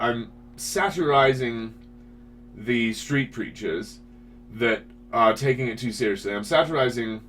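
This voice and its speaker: An animated man hosts his own stream in casual commentary, his voice sitting at an ordinary middle pitch. He keeps cutting himself off and restarting his sentences. A faint hum sits under the recording. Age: adult parent. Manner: animated, self-interrupting, frequent restarts. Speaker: video host and commentator.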